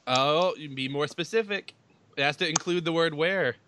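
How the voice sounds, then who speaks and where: A man's voice: on the high side, moderate pace, bright, forceful tone, a little hiss or hum. A man hosting a playful quiz game on a podcast, explaining the rules and laughing often. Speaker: quiz host.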